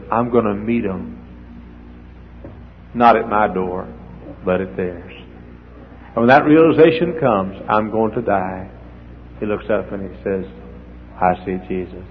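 An older man preaching a sermon as the pastor, swinging from hushed asides to near-shouts as he acts out the people in his stories. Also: fairly low pitch. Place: church hall. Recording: dull echoey hall with faint noise.

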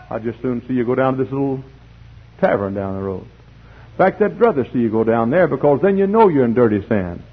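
A man preaching a fiery sermon in church, swinging from hushed pleading to shouting. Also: mid-range voice, big pitch swings, a little fast, slightly rough. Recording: dull lo-fi tape recording.

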